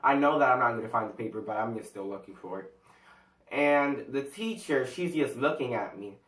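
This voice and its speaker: A man's voice: mid-range voice, animated, normal speed, fairly bright tone, roomy sound, far from the mic. A teenage guy telling a school story in a casual storytime vlog, rambling, slangy and full of fillers. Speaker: vlogger.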